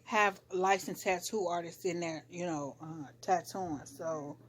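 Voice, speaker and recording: Female vlogger, casual recap talk, slangy, animated delivery. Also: fairly low pitch, measured pace. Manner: chatty, animated, slangy, shifts into quoted voices.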